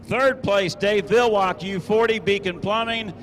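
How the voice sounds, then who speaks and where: A man announcing a boat race live, reading out finishing order and points in a brisk, matter-of-fact way. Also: sits high, fairly bright tone. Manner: brisk, reads results and standings. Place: outdoors at a lakeside race course.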